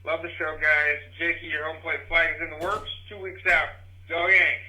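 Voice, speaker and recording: A man's voice: a little high, level tone, moderate pace, sharp tone, poor audio. A man from Nebraska leaving a rambling, self-deprecating voicemail for a podcast.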